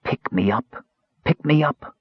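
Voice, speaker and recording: A man's voice: on the high side, expressive, slow pace, breathy edge, dry recording, pitched above the performer's own voice, full character voice. A man voicing an enchanted talking box that calls out insistently in a dull, lo-fi audiobook recording. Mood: coaxing. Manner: repetitive coaxing calls.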